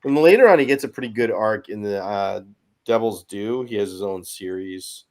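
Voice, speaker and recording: A man's voice: fairly low pitch, normal speed, a little mellow. A man hosting a casual podcast chat, blunt and profane, rambling from point to point. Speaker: podcast host.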